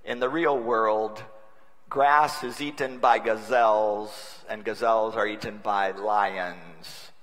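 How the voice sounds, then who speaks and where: A man's voice: on the low side, fairly even intonation, slow. Wry preaching man in a reverberant hall. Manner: wry, humorous, swings between loud and hushed. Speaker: bishop preaching. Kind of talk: sermon. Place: large conference hall. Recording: long reverb of a large conference hall.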